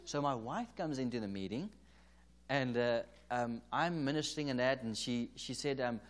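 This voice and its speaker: A man's voice: medium pitch, animated, normal speed. South African man preaching through a story. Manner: anecdotal, re-enacts dialogue, chuckles often. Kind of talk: conference sermon, storytelling. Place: church or conference hall.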